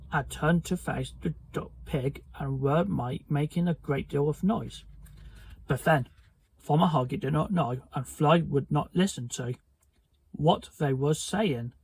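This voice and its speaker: A man reading a children's book aloud, slowly and carefully, stumbling over words now and then. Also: on the high side, vocal fry, a little mellow, husky, poor audio. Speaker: storybook reader.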